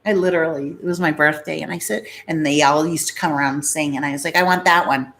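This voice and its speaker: A woman's voice: low-pitched, fairly even intonation, fast talker, gravelly, a little hiss or hum. A middle-aged woman from Massachusetts hosting a live-stream, chatting casually and rambling through stories while reading viewer comments. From Massachusetts, USA.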